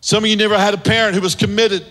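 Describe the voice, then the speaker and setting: A male pastor preaching in a high, ringing voice with a bright, forceful edge. He drives his points home through repeated, building phrases. Long reverb from a large church hall stretches out behind every line. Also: level tone, racing. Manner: emphatic, repetitive preaching with rising exhortations. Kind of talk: sermon.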